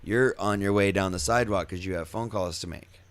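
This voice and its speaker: A man, a podcast co-host, telling a story in casual, profane, animated style, laughing often and acting out the shouts of the people in it. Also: deep voice, brisk, smooth, dry recording.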